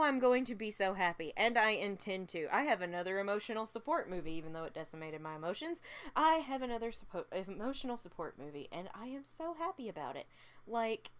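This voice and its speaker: Woman vlogger, tired, effusive, laughs a lot and repeats lines; mid pitch. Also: a bit bright. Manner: gushing, repeats herself, laughs often. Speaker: vlogger reviewing a film. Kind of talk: casual unscripted review.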